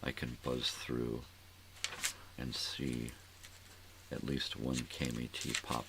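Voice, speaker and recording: A man's voice: a bass voice, monotone, slow, vocal fry, heavy background noise. An older man hosting a casual morning show, rambling and thinking aloud, often trailing off into mumbles. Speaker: host.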